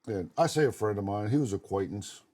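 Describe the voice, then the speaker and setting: Blunt, cursing middle-aged man, low and mellow. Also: lively intonation, brisk. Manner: blunt, swears freely, tells long personal stories. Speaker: podcast co-host. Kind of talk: casual conversation.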